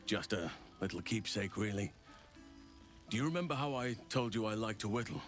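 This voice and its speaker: An actor playing a gentle, sentimental old male elf druid in a video game, speaking softly and measuredly. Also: fairly low pitch, expressive, faint music behind, natural voice. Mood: tender. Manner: soft-spoken, measured, warm. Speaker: game character.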